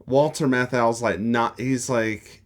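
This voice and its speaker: A man co-hosting a film podcast, talking casually in a halting way, full of fillers and restarts. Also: medium pitch, fairly even intonation. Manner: halting, self-correcting, filler-heavy. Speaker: podcast co-host.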